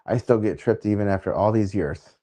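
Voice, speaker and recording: A man hosting an interview, chatting casually and easygoingly, laughing readily with halting fillers. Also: fairly low pitch, warm tone. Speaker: interview host.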